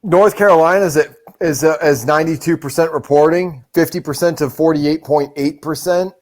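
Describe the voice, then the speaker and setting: A man hosting a casual livestream, giving animated, profane commentary and reading out vote counts. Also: on the high side, a little fast. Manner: profane, animated, reads out numbers. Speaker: livestream host.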